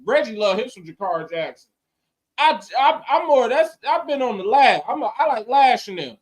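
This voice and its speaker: A male podcast co-host chatting about wrestling with lively, swooping pitch and loose, slangy phrasing. He laughs often and jumps between his own voice and quick impressions. His delivery is animated and playful. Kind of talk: casual wrestling chat.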